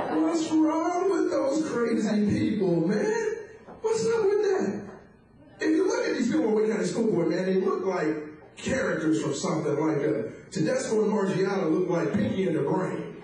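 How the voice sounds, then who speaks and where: A man doing a stand-up comedy set, talking in an animated, conversational way with many asides. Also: sits high. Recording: echoey room, distant mic.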